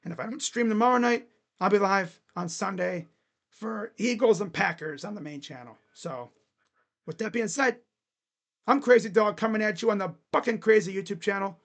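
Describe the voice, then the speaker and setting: Dude with a shot hoarse voice, kinda high and gravelly, hyped fan recap vlog. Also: male voice, moderate pace. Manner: excited, rowdy fan talk. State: hoarse, voice nearly gone. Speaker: sports fan channel host. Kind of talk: casual sports recap vlog.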